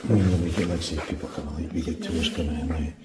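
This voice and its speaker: A man's voice: a bass voice, steady tone, fast, over loud music. A middle-aged Scottish man guiding a castle tour in a chatty, storytelling way, chuckling as he goes. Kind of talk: casual chat and guided tour. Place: large castle room indoors. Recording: echoey hall from far off with noise.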